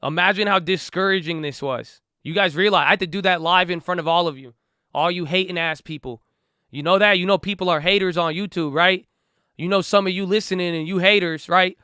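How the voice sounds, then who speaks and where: A man talking casually and excitedly to his viewers as an investing vlogger, emphatic and slangy, talking back at critics. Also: high-pitched, brisk, clean tone, no room sound, clean studio sound.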